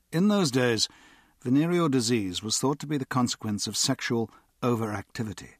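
A man reading an audiobook as narrator, steady and even. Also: mid-range voice, moderate pace, no room sound, studio quality. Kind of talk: scripted narration.

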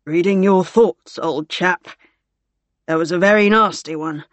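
A woman's voice: fairly low pitch, unhurried, no room sound, natural voice. A woman reading the part of a wry, teasing male naval commander in an audiobook.

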